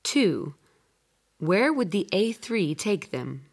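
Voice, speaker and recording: Slow clear woman reading a listening test. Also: medium pitch, sing-song. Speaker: test narrator. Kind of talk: scripted narration for a listening exam.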